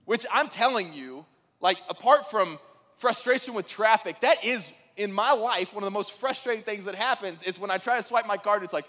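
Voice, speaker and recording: A man preaching a sermon, telling stories in an animated way that rises to excited peaks. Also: sits high, fairly quick, big-room sound. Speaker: pastor.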